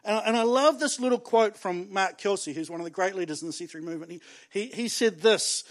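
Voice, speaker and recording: A man, preaching a sermon and telling stories in an animated way, often laughing and restarting his words. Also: high-pitched, brisk. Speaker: pastor.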